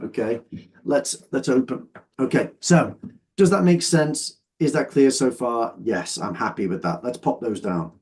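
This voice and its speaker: In an online English exam lesson, a man sorts phrases while explaining patiently, often checking that his students are following. His mid-range voice has a darkish tone and a measured pace.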